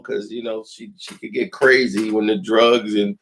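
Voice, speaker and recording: A man telling a personal story in a casual vlog, animated and acting out the people in it. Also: lowish voice, moderate pace, hardly any pauses.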